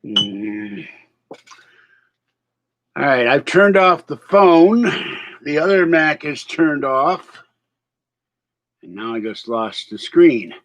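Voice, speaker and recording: A man's voice: on the high side, expressive, slow, long pauses, fairly bright tone. Rambling man with a slight cold. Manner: rambling, distracted, laughs at his own remarks. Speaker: vlogger. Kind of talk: rambling live-stream chat.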